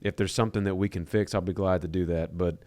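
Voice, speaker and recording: Casting: low-voiced man, podcast co-host, easygoing storyteller, dry close mic. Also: fast, no echo. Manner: relaxed storytelling with fillers and repeated words. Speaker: podcast co-host, company leader. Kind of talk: casual podcast conversation.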